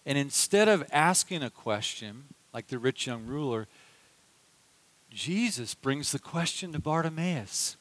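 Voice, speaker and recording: A man's voice: mid-range voice, animated, measured pace, fairly bright tone, poor audio. A man preaching a sermon, telling scripture stories expressively and acting out the quotes.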